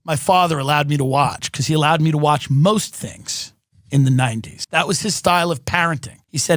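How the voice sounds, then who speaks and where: A man's voice: fairly high pitch, a little fast, a bit bright, dry recording. A man doing a profane, sarcastic comedic rant, mocking and swearing as he goes.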